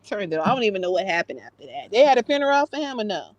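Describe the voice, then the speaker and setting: A woman's voice: medium pitch, big pitch swings, very fast, dull audio. A woman with a New York accent in a casual late-night chat, talkative and opinionated, laughing easily.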